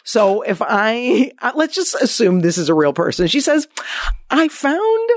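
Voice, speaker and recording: A woman's voice: mid-range voice, big pitch swings, normal speed, no room sound, studio quality. A woman in her fifties hosting a casual chat as a life coach, blunt and teasing. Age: 50s. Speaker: podcast host and life coach.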